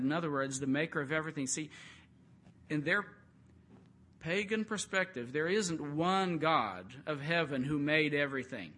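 A man's voice: a little high, lively intonation, normal speed, bright, forceful tone. A man preaching a sermon, retelling a Bible story in a conversational way and acting out the quotes.

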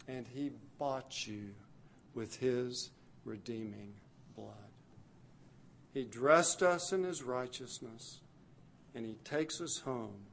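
A man preaching a sermon, telling the story dramatically and swinging from hushed, soft passages to loud, urgent ones. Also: mid-range voice, slight background noise.

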